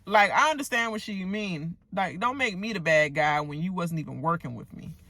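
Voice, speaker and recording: Brief: woman vlogger, bright forceful voice, dry close sound, profane ranting TV recap. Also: lowish voice, normal speed, dry recording. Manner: animated, profane, joking asides.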